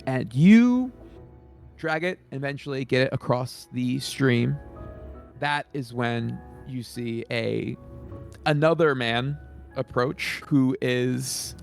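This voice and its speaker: A man's voice: medium pitch, gravelly. A man narrating a tabletop game as game master in a loose, casual way.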